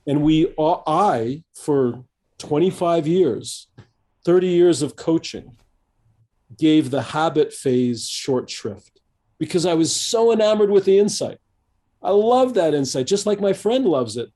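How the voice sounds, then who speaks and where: A man in his fifties, a coach being interviewed on a podcast, speaking thoughtfully and haltingly with many restarts and fillers. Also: fairly high pitch, lively intonation, warm tone. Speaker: executive coach, guest.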